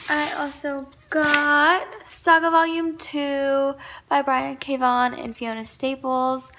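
A woman's voice: high voice, pushed and bright. A young woman chatting casually in a vlog, enthusiastic and a little rambling as she talks through her week and her books. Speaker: book vlogger.

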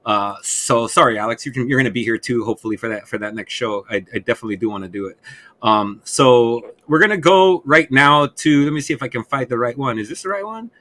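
A man co-hosting a podcast in casual chat, excitable and profane as he rambles. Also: medium pitch, fast talker. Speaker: podcast co-host.

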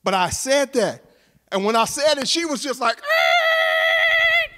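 High-voiced man telling a chapel story. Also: normal speed. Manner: animated, acts out voices in his stories. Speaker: chapel speaker. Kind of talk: storytelling sermon. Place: college chapel.

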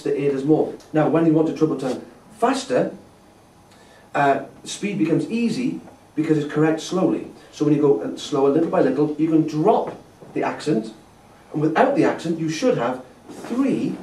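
A brass instructor with a warm voice on the high side patiently explains and demonstrates tonguing syllables in a masterclass. He's recorded from a distance in an echoey festival hall.

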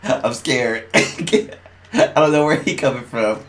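A man giving casual gameplay commentary, excitable and trash-talking, laughing often and yelling at opponents. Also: medium pitch, takes it slowly. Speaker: gamer streamer.

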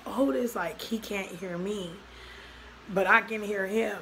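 A woman's voice: medium pitch, a little slow, creaky, pushed and bright, a little hiss or hum, low-quality recording. A young woman vlogging a personal story, talking loosely and acting out both sides of each conversation. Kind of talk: storytime vlog.

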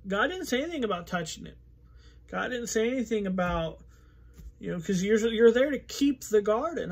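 Male pastor, high-pitched, relaxed conversational Bible teaching with frequent fillers. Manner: conversational, thinking aloud with fillers.

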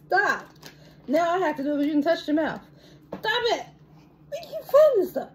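A woman with a high, lively voice talks slowly and playfully as she guides her small son through a recipe. Her coaxing has an easy, teasing warmth to it. The home recording carries a clear layer of background noise. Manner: playful, coaxing, giggly encouragement. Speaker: mother cooking with her young son. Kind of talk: casual home cooking vlog.

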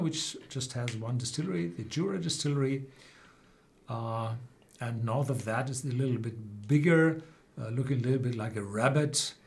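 A man, a German native speaker, hosting a whisky tasting livestream and explaining the regions with many pauses and restarts. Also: mid-range voice, darkish tone, slight background noise. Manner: hesitant, many fillers and restarts.

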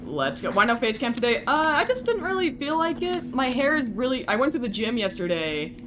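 A woman's voice: fairly high pitch, big pitch swings, a little fast, noisy background. A woman streaming a game, talking to chat and groaning in frustration at the game.

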